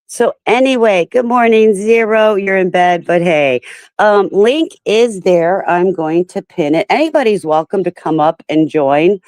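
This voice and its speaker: A woman's voice: medium pitch, measured pace, darkish tone, no room sound. A woman hosting a casual livestream, talking in an upset, rambling way and greeting her viewers by name. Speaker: livestream host. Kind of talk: casual live-stream talk to viewers.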